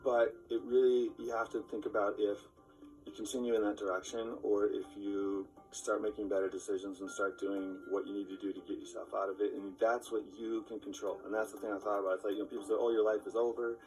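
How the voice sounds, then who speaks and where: A man's voice: fairly low pitch, level tone, fast, a little mellow, recorded from a distance, faint music behind, low-quality recording. A man telling an earnest personal story about becoming a father young. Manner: earnest, reflective, with fillers.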